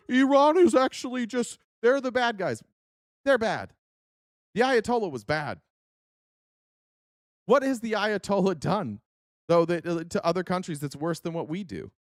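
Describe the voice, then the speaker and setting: Brief: male host, higher voice, very lively pitch, heated and profane, dry close-mic sound. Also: no echo. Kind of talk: political commentary rant.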